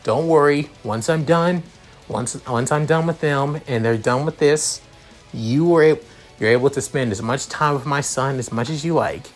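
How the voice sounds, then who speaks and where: A man's voice: medium pitch, moderate pace, faint music behind, voice pushed up, close to an everyday voice. A man voicing a fatherly middle-aged organization leader who speaks politely and to the point, reading a fan story aloud.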